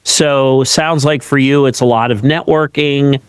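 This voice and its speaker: A man's voice: medium pitch, fairly even intonation, a little slow, clean tone, no echo. A man hosting a podcast interview in a casual, encouraging way, often repeating words as he goes. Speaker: podcast host.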